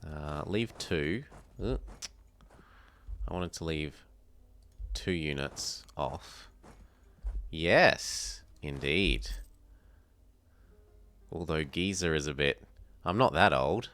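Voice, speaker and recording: Deep-voiced Australian man streaming a game. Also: drawn-out words, long pauses, a bit bright. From South Australia. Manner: chatty, thinks aloud and answers chat. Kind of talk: casual live gameplay commentary.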